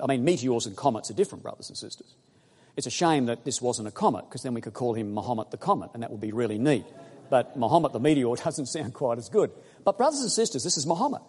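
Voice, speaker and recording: A man preaching a sermon, emphatic and building to loud exclamations as he addresses the congregation. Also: medium pitch, big pitch swings, fast, husky. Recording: long hall reverb.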